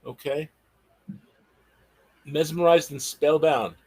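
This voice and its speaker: A man's voice: a little high, steady tone, takes it slowly, a little mellow, breathy edge. A man hosting a livestreamed Bible study, affirming his co-teacher with enthusiasm and sounding out word rhythms. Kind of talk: casual livestream discussion.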